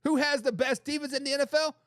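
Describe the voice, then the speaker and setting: Guy doing football talk show, animated and opinionated, high pitched, dry close mic. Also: quick pace, no room sound. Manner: emphatic, animated and opinionated, repeats phrases for emphasis. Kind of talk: live-stream sports talk reading chat comments.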